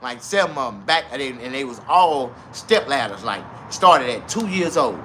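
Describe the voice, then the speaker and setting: Guy telling a crude funny story, lively up and down voice, bit of background noise. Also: medium pitch, normal speed. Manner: animated, repetitive, laughs at his own tale. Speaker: comedic storyteller.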